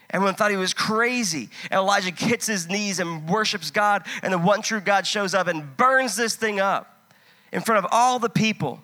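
A man preaching a sermon, impassioned and conversational, swinging from loud urging to hushed storytelling. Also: high-pitched, normal speed. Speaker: pastor.

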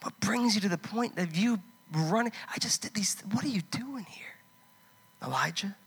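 A man acting out God, gently and slowly questioning a prophet who hides, sometimes sinking to a whisper. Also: high-pitched, husky, pitched above the performer's own voice. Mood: searching. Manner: slow, repeated questioning, drops to a whisper.

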